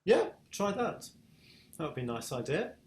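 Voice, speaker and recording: A British man teaching piano in a patient, encouraging way, his voice sitting a little high. He comes through an echoey room on a video call, with piano sounds around his words. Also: big pitch swings, normal speed. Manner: encouraging, patient, asks questions. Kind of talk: online piano masterclass.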